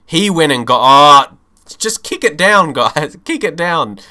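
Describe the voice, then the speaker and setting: A young man streaming a football management game, commenting live with animated, frustrated swings and frequent swearing. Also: on the high side, unhurried.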